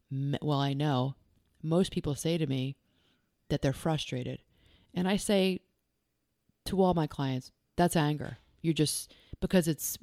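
A woman's voice: low voice, a little mellow, dry recording, clean studio sound. A woman who works as a life coach and hosts a podcast. She talks earnestly and directly, firing off strings of probing questions and repeating key phrases for emphasis.

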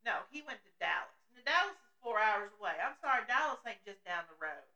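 A woman's voice: mid-range voice, big pitch swings, pushed and bright, echoey room, rough recording. A woman who is not from the South hosting a casual podcast chat, playful and teasing. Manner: playful, teasing, quick to laugh. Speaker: podcast host.

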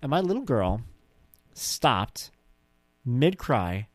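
A middle-aged man telling stories about his daughter in a casual monologue, animated and jokey, and he acts out her voice in high squeals. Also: slow pace, dry recording, studio quality.

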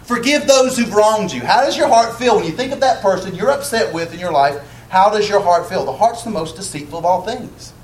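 A man's voice: sits high, lively intonation, fairly quick, few pauses, slight background noise. A man preaching a sermon in a church, speaking conversationally and asking the congregation questions. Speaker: pastor. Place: church sanctuary. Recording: echoey church room, faint ambience.

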